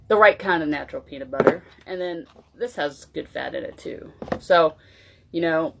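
A woman with a slightly low voice talks to her viewers in a loose, chatty way while she fixes her morning coffee. She moves around as she works, so her voice drifts closer and farther from the mic. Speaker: wellness vlogger. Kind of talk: casual cooking demo chat.

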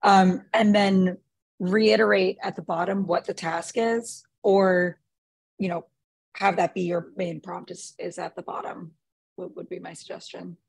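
A woman answering questions in a webinar as the guest expert, halting with many fillers and restarts. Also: lowish voice, little pitch movement, gravelly, breathy edge, no room sound. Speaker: guest expert on prompt writing.

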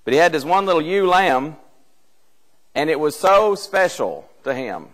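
A man's voice: fairly high pitch, big pitch swings, unhurried, a bit bright. A male preacher giving a conversational Bible class, retelling a scripture story with rhetorical questions and reading old-style scripture aloud. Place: church hall. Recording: long church hall reverb.

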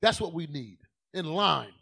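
Preaching in a fairly high, expressive voice with a creaky, breathy edge, this man takes his time. He speaks casually but drives his points home forcefully, lowering to hushed remarks and then rising again to a shout.

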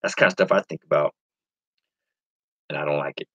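A man's voice: extremely low pitch, brisk, fairly bright tone, slightly rough, dry recording, muffled recording. A man chatting casually on a live stream as an online reseller, rambling to viewers and reading their comments aloud.

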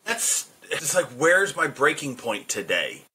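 Teacher dude on a podcast, bright voice with some husk, pitch jumping all over. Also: male voice, very animated, takes it slowly, husky. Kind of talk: casual podcast chat.

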